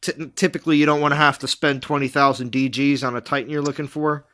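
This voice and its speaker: Bright-voiced man streaming a game. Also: fairly high pitch, steady tone, fast talker. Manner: chatty, laughs often, reads out viewer comments. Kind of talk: casual live-stream chat.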